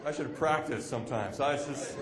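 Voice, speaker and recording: A man's voice: mid-range voice, moderate pace, crowd noise. Rambling self-mocking male stand-up comic. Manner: rambling, self-deprecating storytelling with quoted asides. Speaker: stand-up comedian. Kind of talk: stand-up comedy set. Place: comedy club stage. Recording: echoey club room. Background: audience laughter.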